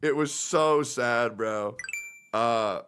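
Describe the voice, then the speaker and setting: A man's voice: very slow, a bit bright, slight background noise. Man, 30s, streamer; casual, rambling, emotional. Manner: rambling, emotional, puts on high voices when quoting friends.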